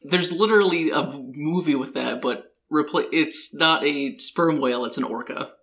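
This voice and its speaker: Brief: man co-host in casual film podcast, crisp bright tone, joking asides, casual swearing. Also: on the high side, moderate pace. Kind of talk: casual film review chat.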